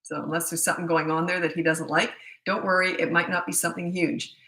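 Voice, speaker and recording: Middle-aged female parenting coach, blunt and chatty, bright edge to the voice, roomy sound. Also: lowish voice, flat delivery, quick pace. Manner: chatty, blunt, self-deprecating asides. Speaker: parenting coach answering viewer questions. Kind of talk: casual live Q&A.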